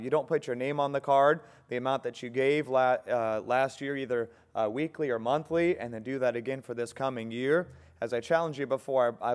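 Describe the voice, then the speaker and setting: California pastor doing announcements, laid back, lots of uhs, introduces the guest. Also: male voice, mid-range voice, smooth. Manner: easygoing, halting, many fillers. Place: church sanctuary.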